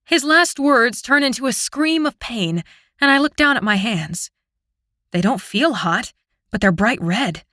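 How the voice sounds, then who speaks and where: Bright woman narrating an audiobook. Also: on the high side, dry recording, studio quality. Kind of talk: scripted first-person audiobook narration.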